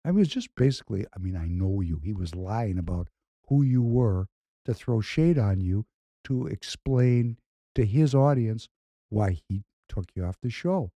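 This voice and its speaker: Guy with a real dark mellow voice, earnest podcast chat, dry mic. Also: on the low side, expressive, a little slow, no room sound. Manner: earnest, emphatic, repeats himself. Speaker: podcast co-host. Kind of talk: casual podcast talk.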